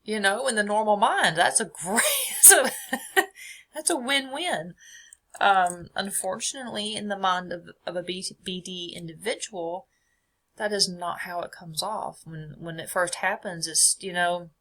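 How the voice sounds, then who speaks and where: A woman's voice: fairly low pitch, normal speed, a bit bright. A young adult woman hosting a casual faith podcast, reading from her notes in a chatty way and laughing often. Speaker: podcast host.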